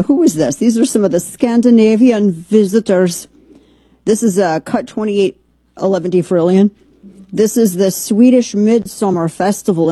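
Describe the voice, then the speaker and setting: A woman's voice: fairly low pitch, dark tone, no room sound. A woman hosting a podcast in a rambling, casual commentary with sarcastic asides. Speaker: podcast host.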